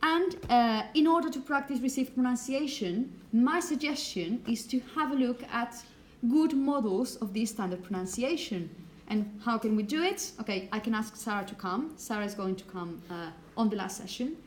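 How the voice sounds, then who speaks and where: A woman teacher giving a relaxed, hesitant lecture with frequent check-ins, whose first language is Spanish. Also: a little high, normal speed, a little hiss or hum, rough recording. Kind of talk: recorded lecture.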